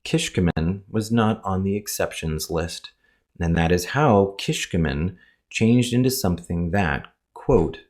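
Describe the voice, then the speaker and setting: Deep-voiced man in precise, formal commentary. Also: animated, a little slow, darkish tone. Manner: precise, formal, spells words out letter by letter; pointed, addresses his critic directly. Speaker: author rebutting a critic. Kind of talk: scripted commentary video.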